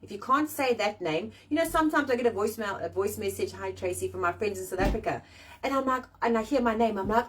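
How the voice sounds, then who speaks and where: A woman's voice: mid-range voice, animated, fast, slightly rough. Sweary, blunt woman ranting from a distance. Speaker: host of a live chat show. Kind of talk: casual live-stream chat. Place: outdoors in the rain.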